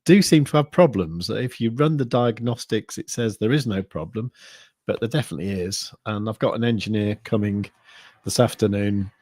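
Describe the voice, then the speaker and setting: Reading viewer comments on his livestream, a man rambles at a moderate pace, full of fillers and restarts. His voice is lowish and darkish; his English accent blends the Midlands and the south, shaped by some years in France. Sound is dry and clean, like a studio.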